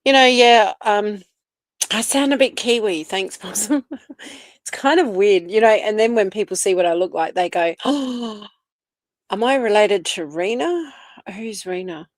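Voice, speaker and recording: An Australian woman hosts a relaxed livestream, greeting viewers by name and chatting freely between topics. Her first language is Italian. The recording is dry and close. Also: medium pitch, moderate pace, no echo. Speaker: livestream host. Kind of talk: casual live chat reading comments.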